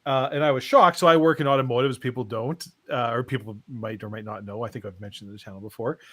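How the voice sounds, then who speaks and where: A man's voice: mid-range voice, fairly even intonation, fast talker, fairly bright tone. A middle-aged man co-hosting a casual chat show, telling rambling stories and laughing often. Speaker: co-host.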